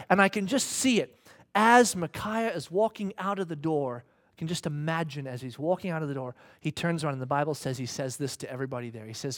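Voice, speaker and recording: A man's voice: on the high side, fairly quick. A man preaching a sermon in a conversational, humorous storytelling manner.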